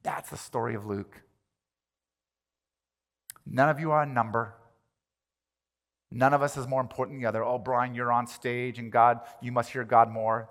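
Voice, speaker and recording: A male pastor delivering a sermon, animated, swinging from loud emphatic lines to quiet ones. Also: medium pitch. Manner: animated, rises and drops in volume for emphasis. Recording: long reverb of a large hall.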